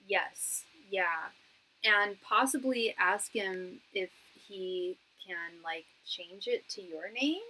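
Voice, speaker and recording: This tarot reader and psychic medium has a lowish, bright voice with a forceful edge, captured in low quality. Reading cards on a live stream, she keeps it chatty and full of slang, addressing viewers as "girl" and "hon" and thanking them for donating.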